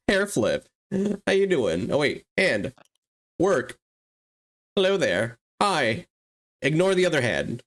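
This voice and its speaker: Chill slow-talking streamer, swears a lot, laughs, squeaks up high when hyped. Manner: excitable, swears, laughs often, big jumps in pitch. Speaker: livestreamer and 3D artist. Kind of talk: casual livestream chat.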